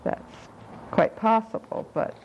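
A woman leading a reflective group discussion, speaking slowly and thoughtfully, halting and repeating words as she gathers her points. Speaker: discussion leader. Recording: muffled lo-fi tape with faint hiss.

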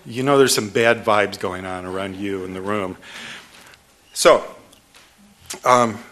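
Animated man telling an author's story. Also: lowish voice, slow. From Detroit, USA. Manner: storytelling, animated with laughter, many restarts. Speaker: author giving a talk. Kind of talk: public book talk.

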